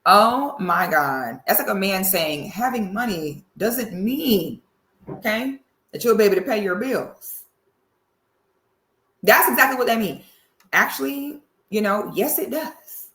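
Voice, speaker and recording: A woman doing reaction commentary in a sassy, animated, drawling way. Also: medium pitch, measured pace, reverberant. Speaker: commentary host.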